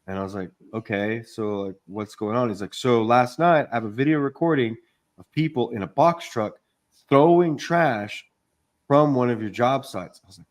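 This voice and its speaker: A man's voice: medium pitch, normal speed. A man in casual podcast chat, telling a long job-site story in a rambling way, swearing often and acting out what people said. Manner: rambling storytelling, swears a lot, acts out quotes. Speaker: podcast co-host, contractor.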